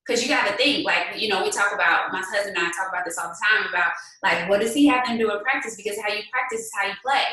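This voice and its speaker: Animated woman in an echoey room. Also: mid-range voice, fast, few pauses. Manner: animated, rhetorical questions, conversational. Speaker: sales team leader. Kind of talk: motivational team talk. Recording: very echoey room, distant mic.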